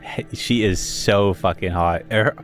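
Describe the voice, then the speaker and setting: A man with a lowish voice chats loosely with a friend while a game plays. He jokes and breaks into giggles often. Faint music sits underneath him. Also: fairly even intonation. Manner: joking, giggly, quick to laugh. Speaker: streamer. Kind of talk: casual chat between friends.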